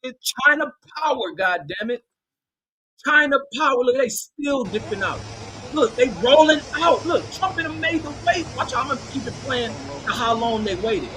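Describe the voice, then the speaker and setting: A man giving loud, mocking, profane commentary over news footage, scornful and quick to laugh. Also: very high voice, expressive, husky.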